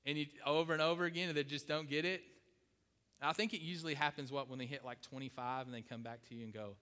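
A man's voice: on the high side, steady tone, quick pace, bright, forceful tone, smooth. Emphatic preacher man in a reverberant hall. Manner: emphatic, repeats key phrases, asks the congregation questions. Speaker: pastor. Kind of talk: sermon.

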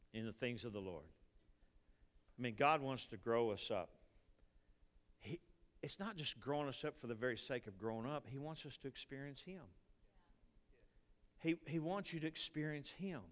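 A man's voice: mid-range voice, expressive, moderate pace, long pauses, fairly bright tone. An older man with a Texan accent preaching a conversational sermon, often checking in with the congregation. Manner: conversational preaching with frequent "are you with me" asides. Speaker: pastor. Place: church sanctuary. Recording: reverberant church hall with faint music.

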